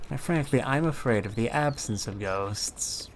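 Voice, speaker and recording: A man's voice: medium pitch, measured pace, slight background noise. A man streaming a game, chatting to his viewers in a sarcastic, joking way. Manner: sarcastic, joking, talks to chat. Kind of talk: casual game commentary.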